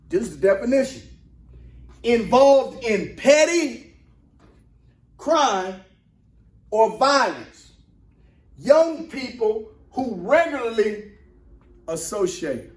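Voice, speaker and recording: A man preaching a motivational sermon, emphatic and repetitive, swinging from shouts to hushed asides. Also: high-pitched, roomy sound. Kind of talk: sermon-style motivational talk.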